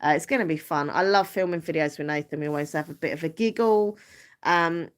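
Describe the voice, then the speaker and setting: A woman's voice: sits low, fairly quick, clear, resonant tone. Chatty Essex woman on a live stream. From Southend-on-Sea, Essex, England. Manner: chatty, giggly, self-deprecating. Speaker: YouTuber hosting a live stream. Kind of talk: casual live-stream chat.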